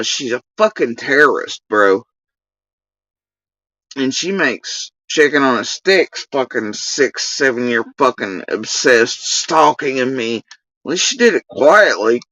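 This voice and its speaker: A woman venting on a livestream in a forceful, sharp tone, heavy with swearing. Her pitch swings widely as she rants, and the sound is dry and close. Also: no room sound, recorded from a distance, dull audio. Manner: profane, heated ranting. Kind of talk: livestream rant.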